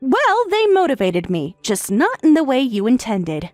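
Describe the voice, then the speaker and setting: A woman voicing a calm, sarcastic wife in a text-message story, speaking in a matter-of-fact way. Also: high voice, measured pace, no room sound, soft background music, exaggerated voice. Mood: cool, sarcastic. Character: calm, sarcastic wife who has left her husband.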